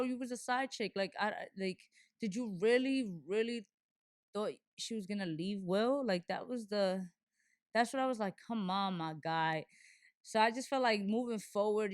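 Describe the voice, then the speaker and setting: A young adult woman with a fairly high voice hosts a casual show monologue. She talks candidly and animatedly, and stops and restarts her sentences often. The recording is dry and close, with no room sound. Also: no echo. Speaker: show host.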